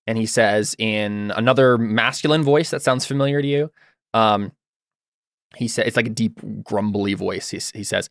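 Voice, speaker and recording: A man's voice: fairly low pitch, normal speed, fairly bright tone, dry recording, clean studio sound. A man narrating as game master in a tabletop game, laughing often.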